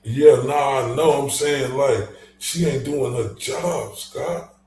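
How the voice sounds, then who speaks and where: A man's voice: medium pitch, slow pace, a little mellow, slight background noise. A man hosting a casual livestream, ranting with heavy profanity and reading chat comments aloud. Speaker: livestream host. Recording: echoey room, voice from far off.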